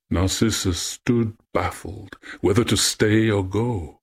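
Male storyteller, low and unhurried, husky, reads myths aloud. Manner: slow, measured, poetic. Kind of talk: reading a myth aloud.

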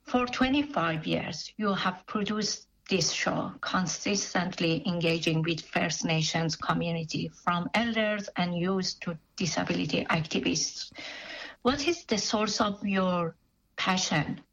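A woman interviewing a guest on community radio, asking measured questions and giving short affirmations. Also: fairly low pitch, fairly bright tone, muffled recording.

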